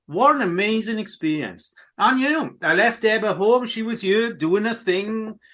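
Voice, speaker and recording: A man's voice: high-pitched, lively intonation, moderate pace, pushed and bright. A middle-aged man hosting a podcast, talking casually and enthusiastically to his listeners, rambling and repeating himself. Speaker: podcast host.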